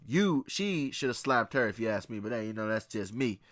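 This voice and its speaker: A man's voice: fairly low pitch, expressive, a little fast, fairly bright tone, no echo, clean studio sound. A man giving a blunt, profane film commentary in a casual way, mixing in readings from scripture. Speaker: movie reviewer.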